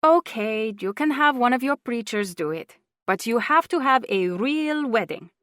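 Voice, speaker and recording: A woman's voice: fairly high pitch, expressive, unhurried, fairly bright tone, no room sound, studio quality, voice pushed up. A woman narrator voicing a bossy older aunt who lectures bluntly and insists on getting her way. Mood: insistent.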